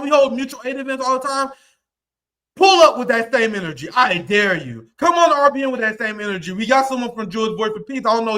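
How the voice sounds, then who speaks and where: Furious high-pitched man ranting live. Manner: angry, profane, often shouting. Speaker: livestream host. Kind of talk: heated livestream rant.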